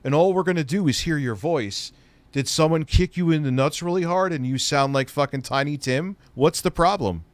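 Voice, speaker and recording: In a heated live-stream chat, an American streamer host vents in a profane, exasperated rant. His voice runs on the high side at a moderate pace, with no echo.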